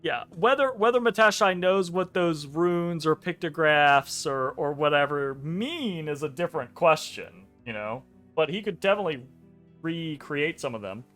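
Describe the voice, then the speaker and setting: A man narrating as game master of a tabletop game, rambling and correcting himself with quick laughs. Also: on the high side, lively intonation, a bit bright, faint music behind. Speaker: dungeon master.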